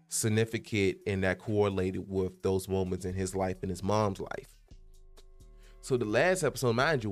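A young man talking casually to his viewers as a YouTube host, rambling and animated, with lots of fillers and restarts. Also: fairly low pitch. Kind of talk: casual vlog monologue.

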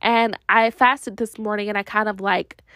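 A woman's voice: mid-range voice, normal speed, no echo, studio quality. A young woman vlogging casually, telling a long story full of "like" fillers and quoted back-and-forth, sounding tired. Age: young adult. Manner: chatty, full of "like" fillers, animated quoted dialogue.

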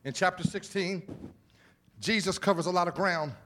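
A man preaching a sermon as pastor in a church, animated, with repeated words, exclamations and casual asides to the congregation. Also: high voice, normal speed, slight background noise. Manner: informal, conversational asides to the congregation. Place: church sanctuary.

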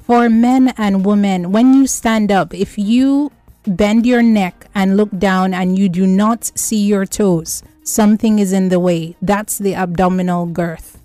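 A woman with a mellow, mid-pitched voice speaks slowly as a nutrition expert on a radio health show. She explains carefully and counts off her points one by one. The studio sound is dry, with faint music behind her. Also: fairly even intonation, dry recording. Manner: slow, explanatory, lists points by number.

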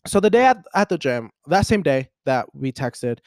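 A man in his twenties hosting a podcast, telling a personal story in a casual, animated, rambling way with lots of fillers. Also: fairly high pitch, normal speed, no echo, studio quality. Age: 20s. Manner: animated, rambling, heavy use of "like". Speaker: podcast host.

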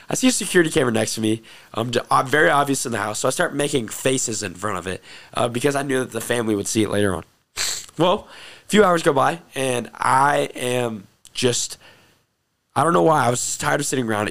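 A young man earnestly telling a personal testimony story, excitable and repeating phrases for emphasis. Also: medium pitch, vocal fry. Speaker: host telling his testimony.

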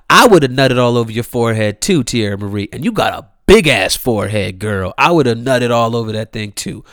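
A man's voice: mid-range voice, a little fast, few pauses, dry recording. Young guy from maryland ranting solo on his show, slangy and cussing, voice jumping all over, dry close sound. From Columbia, Maryland. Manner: animated, slangy, profane, repeats phrases. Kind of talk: casual solo rant.

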